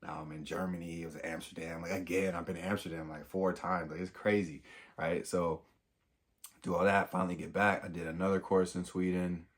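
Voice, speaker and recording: An American man, a young adult, telling a casual story in an animated, slangy way and acting out the dialogue. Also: deep voice, fairly quick. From United States. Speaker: vlogger.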